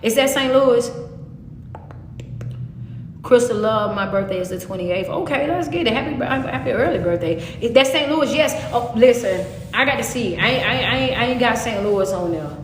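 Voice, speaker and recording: A woman, a motivational speaker chatting live with her audience in an animated, direct way. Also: on the high side, moderate pace, slight background noise. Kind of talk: live stream chat with viewers. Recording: echoey room with long reverb.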